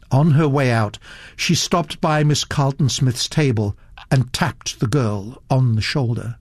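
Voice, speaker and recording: A man reading a story aloud as narrator, measured and expressive. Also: mid-range voice, no echo, studio quality. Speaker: audiobook narrator. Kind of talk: scripted narration.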